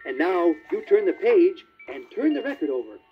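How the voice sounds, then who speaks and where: A man narrating a read-along children's storybook in a lively, child-friendly way. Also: high voice, normal speed, faint music behind. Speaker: storybook reader. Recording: tinny 1950s vinyl record.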